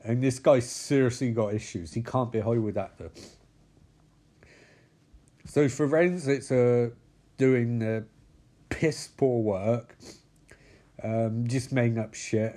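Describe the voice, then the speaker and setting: A man casually recapping a show, rambling and profane, slipping into quick character voices. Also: mid-range voice, warm tone.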